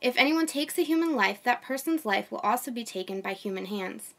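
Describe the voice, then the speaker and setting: A young mom reading scripture aloud at a steady pace, her voice sitting a little high. Between passages she slips into relaxed, friendly asides full of ums and uhs. It sounds like a host talking straight to her regular listeners. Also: brisk. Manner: reads steadily, then chats with fillers and light laughs. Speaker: Bible reader and host. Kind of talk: scripture reading with casual commentary.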